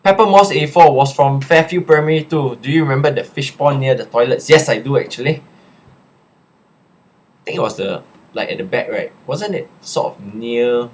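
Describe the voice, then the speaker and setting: Husky Singaporean man chatting casually. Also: medium pitch, normal speed. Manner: reads questions aloud then answers, relaxed and chatty. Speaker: show presenter answering viewer questions. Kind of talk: casual live chat.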